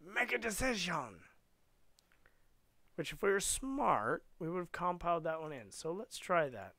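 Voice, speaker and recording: A man's voice: a little high, sing-song, moderate pace, fairly bright tone, dry recording. A man streaming a casual coding lesson, playful and rambling, slipping into silly voices as he works.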